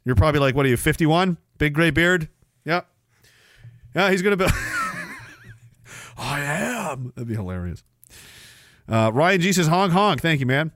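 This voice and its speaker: A man's voice: on the high side, huge pitch swings, a little slow, long pauses, a bit bright, dry recording, studio quality. A man hosting a livestream, reading chat aloud in a profane, sardonic way and laughing often. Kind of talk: casual chat.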